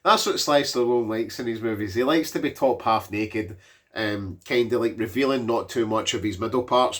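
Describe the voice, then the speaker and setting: A movie reviewer in his forties gives a casual, rambling recap of a film, swearing freely and relying on fillers. His voice is on the low side, with a bit of brightness.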